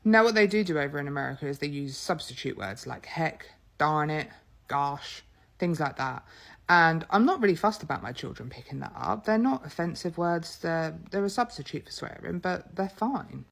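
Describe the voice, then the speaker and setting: A woman's voice: deep voice, animated, moderate pace, vocal fry. An English mother with an English accent, talking to camera in an earnest, chatty way. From England. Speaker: mother and vlogger. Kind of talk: casual talk to camera.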